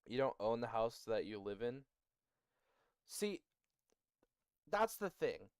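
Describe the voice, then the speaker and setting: A man's voice: mid-range voice, big pitch swings, slow pace, clean tone, no room sound. A male streamer, close to his mic, casually explaining how to build a language to his chat and joking with them. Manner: jokey, bantering with chat, laughs often. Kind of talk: casual livestream teaching about building a language.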